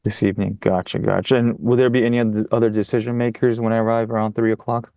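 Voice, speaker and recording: A man in a practice sales call, polite and careful, sticking closely to a script. His voice is on the low side, heard close and dry. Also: little pitch movement, quick pace, vocal fry, warm tone, dry recording. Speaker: real estate agent practicing a call. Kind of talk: role-play sales call.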